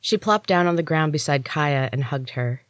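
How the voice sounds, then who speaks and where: A woman storyteller and author giving a steady, expressive first-person audiobook reading into a close mic. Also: deep voice, moderate pace, no room sound. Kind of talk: scripted audiobook narration.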